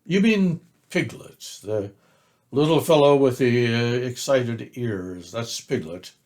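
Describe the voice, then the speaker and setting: A man doing a gloomy slow old donkey. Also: mid-range voice, lively intonation, darkish tone. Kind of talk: storybook reading.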